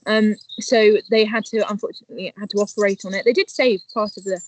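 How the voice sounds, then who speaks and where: A woman's voice: medium pitch, steady tone, fast, poor audio. A woman co-hosting a casual live stream, upbeat and teasing, reading out viewer messages. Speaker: co-host.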